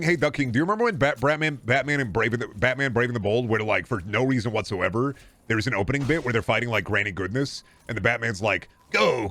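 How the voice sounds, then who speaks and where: A man streams a game while chatting casually, swearing freely and rambling from one joke to the next. His mid-range voice is a bit bright, and his manner is rambling, profane, and jokey.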